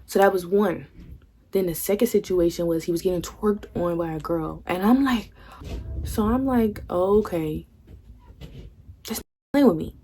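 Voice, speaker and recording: A young woman tells a personal story to her camera in a casual, candid way. Her voice sits a little on the low side. She swears freely and slips into the voices of her friends as she talks. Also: measured pace, long pauses, dark tone, a little hiss or hum. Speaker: vlogger.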